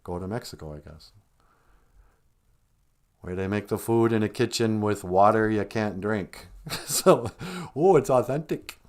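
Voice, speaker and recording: A man's voice: on the low side, measured pace, long pauses. Joking man chatting on a stream. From northern Minnesota. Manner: joking, laughs often, rambling. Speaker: live stream host. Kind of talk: casual chat on a live stream.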